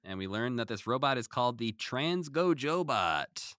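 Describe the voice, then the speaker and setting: Lively, bright-voiced man recapping. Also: medium pitch, moderate pace, no echo, studio quality. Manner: animated recapping, acts out quoted lines. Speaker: podcast co-host. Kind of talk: casual podcast chat.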